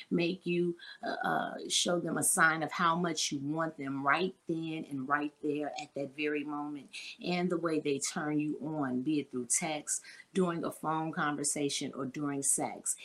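Low-voiced woman host, blunt and explicit, keeps asking her listeners questions. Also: a bit bright. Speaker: podcast host. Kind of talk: casual frank talk with listeners.

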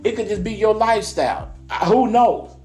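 A man's voice: high voice, lively intonation, a little mellow, echoey room, soft background music. A fired-up man ranting on a podcast. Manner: heated, cussing, drawn-out emphatic delivery. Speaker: podcast co-host. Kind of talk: casual podcast chat, ranting.

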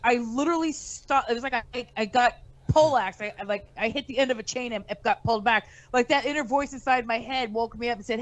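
A woman comedian telling a story on a casual podcast. She is animated and profane, and she acts out the quotes in her story. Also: on the high side, fast, poor audio. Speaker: comedian guest.

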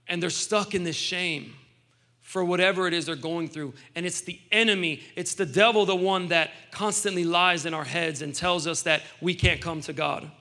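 A man's voice: high-pitched, fairly even intonation, moderate pace, sharp tone. A man in his thirties preaching a sermon, mixing personal testimony with scripture in a conversational, emphatic way. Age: 30s. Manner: conversational, emphatic, with restarts and asides.

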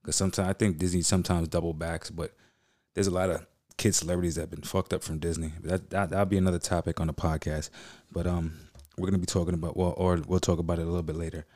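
A man's voice: sits low, flat delivery, quick pace, a little mellow. A man hosting a podcast, reacting to clips in casual, slangy, profane talk. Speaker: podcast host.

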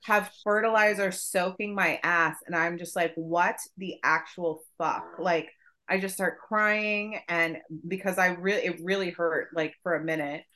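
A woman co-hosting a podcast, telling a story in casual chat, profane and animated. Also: fairly low pitch, unhurried. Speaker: podcast co-host.

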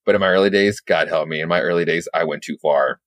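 A man voicing Batman, a grim, brooding superhero, in a slow, hushed monologue. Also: sits low, no echo, clean studio sound, pitched below the performer's own voice. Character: brooding grim male superhero, gravelly and solemn.

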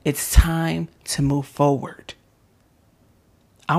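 A woman's voice: sits low, level tone, slow pace, vocal fry, long pauses, darkish tone. A woman preaching a motivational sermon and leading a prayer, fervent and exhorting, sometimes dropping to an intimate whisper. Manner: calls listeners "baby", leads them in prayer.

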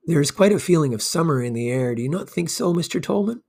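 A man voicing a careless, light-hearted young gentleman who talks in a cheerful, airy way. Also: fairly high pitch, lively intonation, quick pace, gravelly, voice pushed up.

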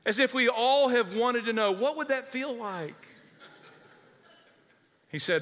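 A male pastor preaching a sermon with animated, dramatic storytelling. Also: very high-pitched, measured pace, pauses often, long reverb tail.

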